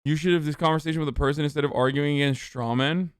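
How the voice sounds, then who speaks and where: A man's voice: on the high side, steady tone, quick pace, clear, resonant tone, dry recording, studio quality. A man streaming political commentary, ranting with constant profanity and mocking sarcasm.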